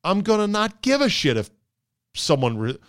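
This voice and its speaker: A man's voice: high-pitched, sing-song, normal speed, a bit bright, no echo, clean studio sound. A man hosting a podcast, delivering a sarcastic casual monologue and slipping into mocking voices. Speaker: podcast host.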